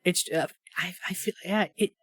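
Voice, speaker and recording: A man's voice: high voice, fairly even intonation, normal speed, a bit bright, dry recording, clean studio sound. A man co-hosting a movie podcast, talking in a casual, enthusiastic way, swearing now and then and laughing often. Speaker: podcast co-host. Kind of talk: casual movie review chat.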